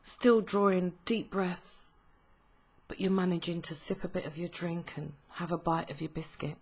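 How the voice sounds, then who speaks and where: A woman giving a tarot reading, told as a slow, emotive second-person story with frequent pauses. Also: on the low side, steady tone, a little mellow, slightly rough. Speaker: tarot reader.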